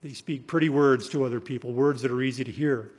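Husky-voiced guy preaching, punchy then dropping soft at the ends, big echoey hall reverb. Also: medium pitch. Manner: emphatic, slows for scripture, trails off softly at phrase ends. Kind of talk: expository sermon.

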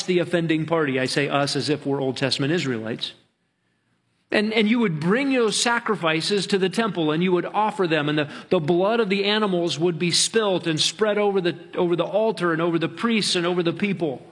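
High-voiced man preaching a sermon. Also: fairly bright tone. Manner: earnest preaching, stretches key words slowly. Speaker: pastor.

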